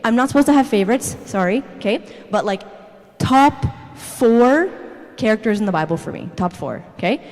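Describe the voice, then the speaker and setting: A woman's voice: medium pitch, lively intonation, fast talker, hardly any pauses, a little mellow. A young woman giving a casual, dramatic church talk, tagging "okay?" onto her sentences. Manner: dramatic, keeps adding "okay?". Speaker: youth speaker. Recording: hall reverb.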